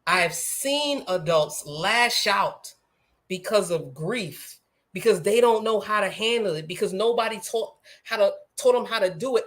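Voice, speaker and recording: A woman hosting a casual discussion, telling stories with animated emphasis. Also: medium pitch. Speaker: host.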